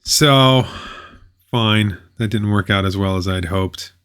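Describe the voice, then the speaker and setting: Bright, crisp-voiced sarcastic male commentator. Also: lowish voice, takes it slowly. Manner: sarcastic, mocking asides. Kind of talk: reaction commentary reading a web page aloud.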